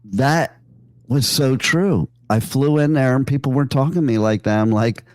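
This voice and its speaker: In a radio studio, a man hosts a show and spins casual, jokey stories that ramble with fillers and asides. His voice is mid-range and darkish, at a normal speed, and the recording is dry.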